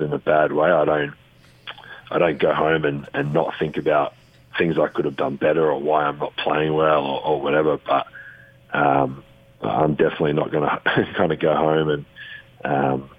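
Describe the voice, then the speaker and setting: A man's voice: a bass voice, dry recording, narrow, tinny audio. A man in his thirties with an Australian accent, chatting easygoingly as a guest on a radio show, rambling with fillers and restarts. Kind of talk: casual radio phone interview.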